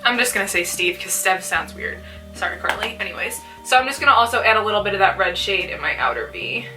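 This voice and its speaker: A woman's voice: mid-range voice, lively intonation, quick pace, distant mic, over loud music. A young woman chatting casually while doing a makeup tutorial, peppering her talk with "like". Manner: chatty, fills speech with "like". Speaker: beauty vlogger.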